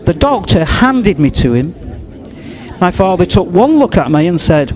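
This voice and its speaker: A man's voice: sits high, sing-song, measured pace, darkish tone, faint music behind. A man from northern England doing a stand-up comedy set, firing off bawdy one-liners and laughing along with the jokes. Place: comedy club stage. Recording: echoey club from far off with audience.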